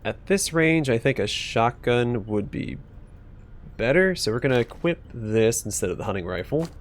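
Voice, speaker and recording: A man's voice: mid-range voice, expressive, moderate pace, a little hiss or hum. A man hosting a let's play, reading game text aloud and casually thinking aloud as he plays.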